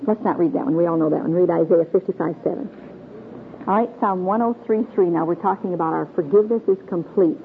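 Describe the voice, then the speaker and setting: Her voice is gravelly, on the low side, and quick as this middle-aged woman from Michigan teaches a Bible class. In a meeting room she questions the group in an earnest, folksy way, heard through tinny old tape with faint hiss.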